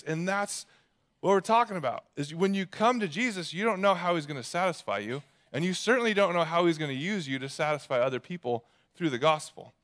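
A man preaching a sermon as a pastor, retelling a story in an animated way. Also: fairly high pitch, fairly quick.

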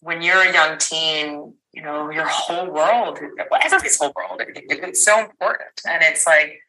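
A woman's voice: low voice, normal speed, bright, forceful tone, poor audio. A woman in her thirties, a podcast guest, tells a personal story candidly, rambling with fillers and restarts and an occasional swear word.

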